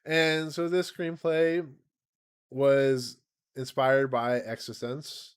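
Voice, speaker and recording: A man in his thirties, slightly raspy, rambles through a casual home livestream at a middling pitch. He laughs often and pokes fun at himself as he talks. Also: little pitch movement, slow pace. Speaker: channel host.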